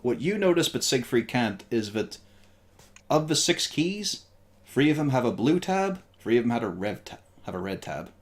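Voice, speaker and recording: A man running a tabletop game as game master, describing scenes in a relaxed way and laughing easily. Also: medium pitch, moderate pace.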